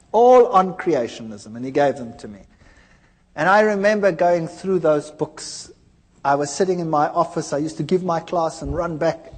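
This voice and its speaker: A middle-aged man gives a testimony from the pulpit, acting out both sides of old arguments. His voice sits high and swings widely in pitch. A long hall reverb trails his words. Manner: animated storytelling, acting out quoted dialogue. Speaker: speaker telling his conversion story. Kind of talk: preached personal testimony.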